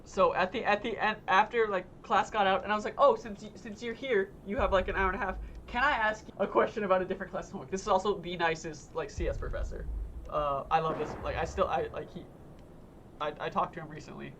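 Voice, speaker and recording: A young adult streamer chats casually while playing a game. The talk rambles, restarts and swears, stacked with fillers. The voice sits at a middling pitch over a faint room hum. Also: fairly even intonation, fast talker, a bit bright. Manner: rambling, profane storytelling full of fillers. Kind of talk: casual chat while gaming.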